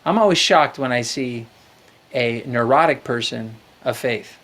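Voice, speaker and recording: A man's voice: mid-range voice, unhurried, a bit bright. Reflective male talk-show host. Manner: reflective, preachy, quotes scripture. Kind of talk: live call-in talk show chat.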